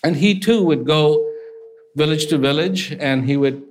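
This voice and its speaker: A man telling folk parables in a casual, animated way, with conversational fillers. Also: fairly high pitch, a little slow, slight background noise. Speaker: storyteller. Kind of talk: casual spoken storytelling.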